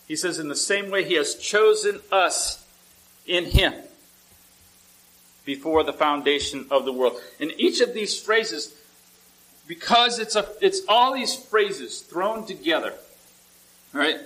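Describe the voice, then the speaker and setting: A man's voice: high voice, expressive, slow pace, long pauses, sharp tone, poor audio. A male pastor preaching a sermon in a conversational way, often asking the congregation questions and repeating words as he restarts.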